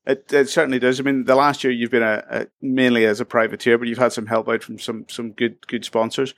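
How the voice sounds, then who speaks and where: A man's voice: medium pitch, flat delivery, brisk, dry recording. A man hosting a casual podcast interview in a chatty, friendly way and laughing easily. His voice sits in a mid range and is recorded close and dry, with no room sound. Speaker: podcast host.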